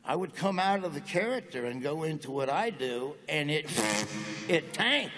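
A man with a rural twang spins folksy, joking stories on a big stage. His voice sits a bit high for a man and rings with a long hall reverb. He often laughs at his own lines. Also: expressive, normal speed, noisy background. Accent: American Southern-style rural. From Nebraska. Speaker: comedian guest. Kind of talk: onstage interview storytelling. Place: large auditorium with audience. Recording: echoey hall.

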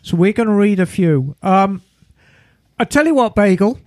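A podcast host chatting casually, theatrical and playful in his delivery. His voice sits high for a man and swings widely in pitch. The sound is dry and close. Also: lively intonation, normal speed, no room sound. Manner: theatrical, playful, calls co-hosts darling.

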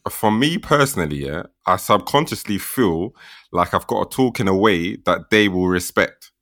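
Deep-voiced man, laid-back. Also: lively intonation, normal speed, a bit bright, dry recording, studio quality. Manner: slangy, laid-back, talks it through. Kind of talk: casual chat.

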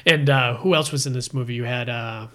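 A man's voice: mid-range voice, fairly even intonation, a little fast, fairly bright tone. A man co-hosting a casual movie podcast, chatty and enthusiastic, often quoting lines from films. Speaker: podcast co-host.

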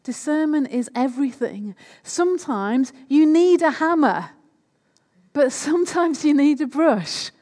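A woman preaches a sermon in a conversational way, often checking in with the listeners through questions. Her voice sits fairly high. The sound carries a long reverb, as in a church hall. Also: lively intonation, a little slow, a little mellow.

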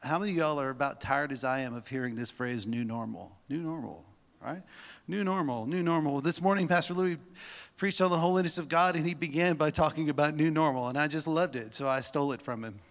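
A man preaching a sermon in a church, moving between soft asides and loud emphasis. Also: fairly high pitch, fast talker, long reverb tail.

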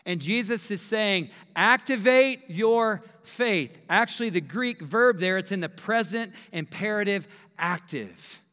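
A man in his thirties preaches with a high, bright, ringing voice. He is emphatic and animated, and he acts out the quotes. A long hall reverb trails his words. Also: normal speed, few pauses. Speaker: pastor. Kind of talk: sermon.

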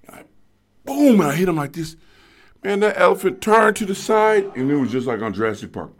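A middle-aged man telling a story as a guest in casual chat, excitable and halting, acting out voices and sounds. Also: on the high side.

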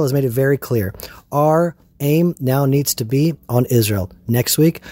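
Man, guest speaker, passionate, emphatic, husky tone. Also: mid-range voice, dark tone, no room sound. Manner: passionate, emphatic, repeats points. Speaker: farm owner, guest. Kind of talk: casual podcast conversation.

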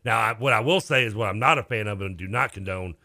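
A man co-hosting a sports talk radio show, emphatic and quick to laugh. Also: lowish voice, pushed and bright, no echo, studio quality. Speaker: radio co-host and producer. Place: radio studio. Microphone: studio microphone.

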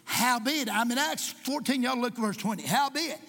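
A man preaching a sermon. He is impassioned, jokes at times and rises to shouts in a church. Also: very high-pitched, normal speed, vocal fry. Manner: impassioned, shouting at peaks, joking asides. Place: church sanctuary with congregation. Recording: echoey church hall.

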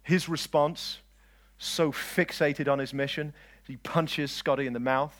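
A man preaching a lively sermon, swinging between loud declarations and quiet asides and joking with his listeners. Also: fairly high pitch, a little slow. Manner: jokes with the audience.

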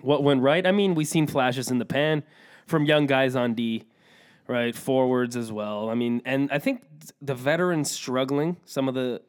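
A man's voice: medium pitch, normal speed, clear, resonant tone. A man co-hosting a sports podcast, giving blunt, opinionated takes and joking with his partner. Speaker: hockey podcast co-host. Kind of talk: casual sports chat.

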